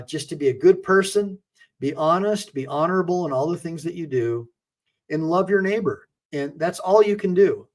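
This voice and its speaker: A middle-aged man delivering a livestream monologue in a slightly raised voice. He talks emphatically and preachily, stumbling and repeating words as he goes. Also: fairly high pitch. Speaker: attorney and channel host.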